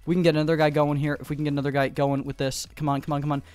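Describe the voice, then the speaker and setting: A man giving fast, excitable gameplay commentary from home, repeating short calls in quick bursts. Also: fairly high pitch, clean tone, no room sound, soft background music. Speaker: gaming YouTuber. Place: home room.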